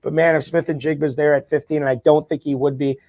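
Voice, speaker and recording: A man's voice: on the high side, flat delivery, fast talker, no echo, narrow, tinny audio. A man talking as a podcast guest, eagerly making his points with frequent stammered restarts. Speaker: guest, fantasy football champion. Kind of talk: casual podcast chat.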